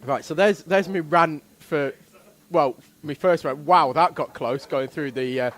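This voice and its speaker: A man from England commentating a live race stream, drifting into an animated, jokey rant with quick asides. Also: on the high side. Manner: animated ranting, rapid asides, frequent laughter.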